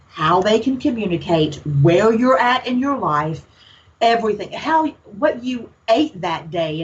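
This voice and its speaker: A woman's voice: mid-range voice, highs cut off. A woman from Alabama with a Southern accent, talking as a guest in a casual chat, outspoken and folksy. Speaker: podcast guest, paranormal investigator.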